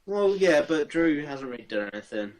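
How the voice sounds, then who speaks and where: A man's voice: a little high, sing-song, moderate pace, darkish tone. Joking young man. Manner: joking, teasing. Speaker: podcast co-host. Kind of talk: casual chat.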